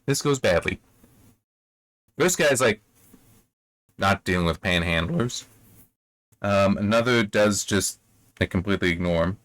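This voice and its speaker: A man's voice: low voice, expressive, a little slow, long pauses, fairly bright tone, no room sound. A man hosting a casual book review. He rambles, corrects himself mid-sentence and briefly acts out lines from the story. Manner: rambling, self-correcting, acts out quoted characters. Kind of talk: casual spoken book commentary.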